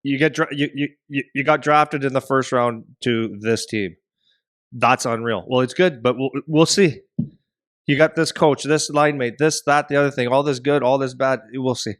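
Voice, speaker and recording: A middle-aged man co-hosting a hockey podcast, telling a story in a rambling, animated way and acting out voices. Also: medium pitch, moderate pace, no echo, studio quality. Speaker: podcast co-host and hockey parent.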